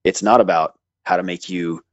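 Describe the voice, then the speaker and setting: Deep-voiced man, casual, thoughtful explainer with dry humor, dull dry recording. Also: steady tone, moderate pace, dry recording. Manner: thoughtful, hedging, with dry jokes. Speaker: guest, seminary graduate.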